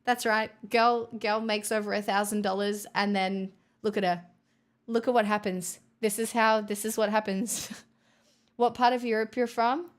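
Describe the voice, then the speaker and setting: A woman's voice: medium pitch, little pitch movement, normal speed. A woman livestreamer chatting casually with her viewers and reading their comments, with playful, mock-boastful banter, frequent swearing and laughs.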